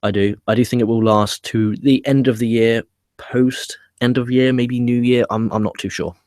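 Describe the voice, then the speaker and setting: A man's voice: mid-range voice, steady tone, normal speed, darkish tone, dry recording, clean studio sound. A man hosting a live wrestling review stream, chatting casually and swearing freely as he rambles through viewer comments. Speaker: wrestling review show host. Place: home setup with laptop.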